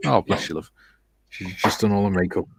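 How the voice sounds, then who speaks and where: A man reads viewers' comments aloud on a live video call, chatty and quick to laugh. His voice is on the low side and the sound is dry. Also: fairly even intonation, gravelly, husky, no echo. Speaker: panelist reading chat comments. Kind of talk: casual chat.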